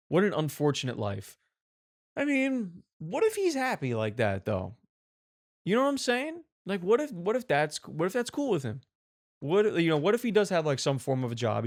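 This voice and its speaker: A man hosting a show, giving mock-serious, animated reaction commentary on videos and swearing casually. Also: a little high. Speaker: host.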